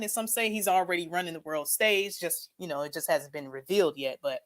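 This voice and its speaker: A woman's voice: on the low side, brisk, hardly any pauses. A woman hosting a casual livestream, commenting emphatically and sarcastically and often tagging her lines with "okay?". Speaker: channel host.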